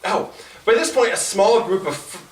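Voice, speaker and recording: Young male stand-up, stammering storyteller, high animated voice, distant echoey club sound. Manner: halting, stammering delivery with many restarts. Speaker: stand-up comedian. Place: small comedy club at an open mic. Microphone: no microphone, recorded from across the room. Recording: roomy, distant open-mic room recording. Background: audience laughter.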